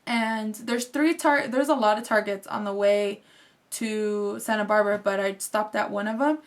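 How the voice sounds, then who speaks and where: A young woman vlogger telling a story in a casual, animated way, with "like" running all through her talk. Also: medium pitch, normal speed. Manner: chatty and animated, fills speech with "like". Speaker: fashion vlogger.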